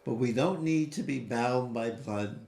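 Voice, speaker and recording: Animated male storyteller in a roomy echo. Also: gravelly. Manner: animated, with sudden rises in pitch and quick asides. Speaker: guest. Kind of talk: storytelling interview answers.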